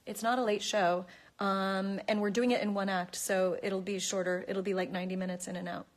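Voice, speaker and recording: A woman's voice: mid-range voice, little pitch movement, brisk. A woman chatting casually into her phone, reading out and answering fan questions in a bubbly way. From United States. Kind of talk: casual chat.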